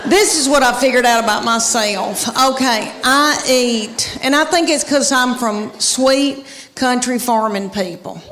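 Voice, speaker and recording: A middle-aged Southern woman tells stand-up comedy stories on a stage mic, her voice a touch high and her drawl folksy and animated. Audience sound carries clearly behind her in the live room. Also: unhurried, big-room sound, a little hiss or hum. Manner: folksy drawl, animated storytelling with mock quotes. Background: audience laughter.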